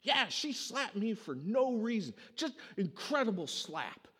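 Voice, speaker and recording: A man's voice: sits high, very animated, a little slow, fairly bright tone, breathy edge, long reverb tail, pitched above the performer's own voice, exaggerated voice. A man voicing a whiny, defensive young boy who insists he was wronged. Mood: whiny, indignant. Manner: indignant, complaining.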